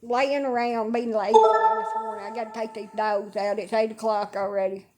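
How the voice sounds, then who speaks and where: A livestreamer talks at a normal speed from bed at home, her voice on the high side and somewhat dark in tone. She rambles casually, swearing freely and staying blunt and sarcastic.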